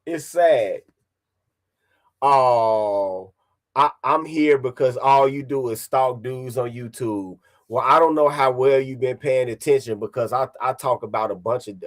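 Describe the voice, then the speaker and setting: A man streaming online, ranting casually in a profane, confrontational way and repeating his points. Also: medium pitch.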